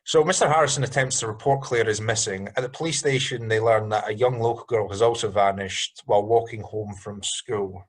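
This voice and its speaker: A man with a low, husky voice leads a casual film-review chat on a podcast. He rambles, restarts his sentences and fills gaps with ums. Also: a little fast, hardly any pauses. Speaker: podcast host.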